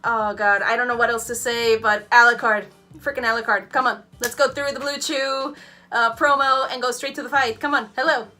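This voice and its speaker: A woman hosting a reaction video, cheering, swearing and shouting at the screen in excited casual commentary. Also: on the high side, moderate pace, soft background music.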